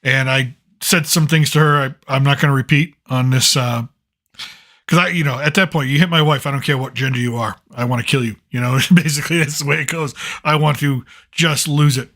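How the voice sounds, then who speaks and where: Guy, middle-aged, ranting through a story, talks fast when worked up, restarts a lot. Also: medium pitch. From United States. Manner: animated, agitated retelling with frequent restarts. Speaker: channel host. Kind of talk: casual storytelling monologue.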